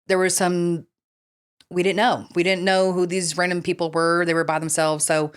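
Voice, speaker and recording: A woman's voice: on the low side, normal speed, clear, resonant tone. Chatty woman co-hosting a paranormal podcast. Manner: animated, swears casually, many fillers. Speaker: podcast co-host. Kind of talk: casual podcast chat, reading stories aloud.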